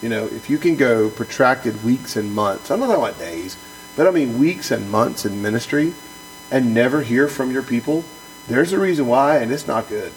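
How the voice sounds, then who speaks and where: A pastor speaks with a gravelly, creaky edge, reading passages aloud and then riffing on them earnestly and emphatically. His voice sits at an ordinary middle pitch, and he often stumbles and repeats words as he chases a point. A faint electrical hum runs underneath. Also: expressive, moderate pace, poor audio. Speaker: pastor and podcast co-host. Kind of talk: book discussion podcast, reading aloud then commenting.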